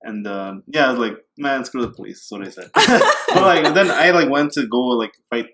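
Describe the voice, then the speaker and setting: Casual male podcast guest, mid-pitched, rambling anecdote full of "like". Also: huge pitch swings, normal speed, very noisy. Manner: rambling, many fillers, laughs at himself. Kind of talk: casual storytelling chat.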